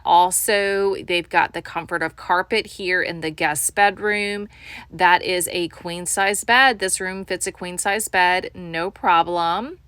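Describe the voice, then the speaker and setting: A woman's voice: mid-range voice, fairly bright tone, smooth, dry recording. An enthusiastic woman giving a home tour as a real estate agent, often calling out to viewers as "you guys.".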